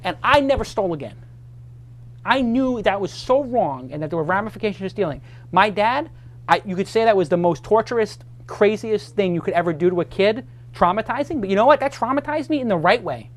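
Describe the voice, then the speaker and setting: A man's voice: high-pitched, animated, fairly quick. Earnest man telling a heartfelt story. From New York. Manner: earnest, emotional storytelling with restarts. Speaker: host. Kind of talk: casual chat.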